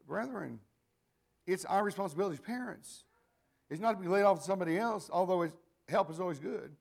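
A man's voice: high voice, brisk, creaky. An older man preaching a folksy, conversational sermon to his congregation, with chatty asides and frequent restarts.

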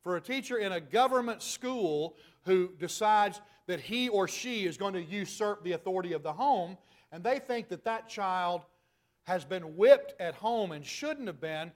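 Emphatic high-voiced male preacher. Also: animated, moderate pace. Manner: emphatic, rhetorical questions, rising to loud peaks. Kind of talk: sermon.

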